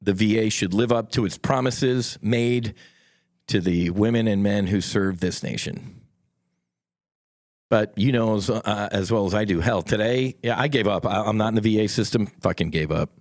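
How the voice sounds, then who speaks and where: A man's voice: on the low side, normal speed, darkish tone, no echo, studio quality. A middle-aged man hosting a solo podcast, talking in a blunt, impassioned way and swearing freely. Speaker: podcast host.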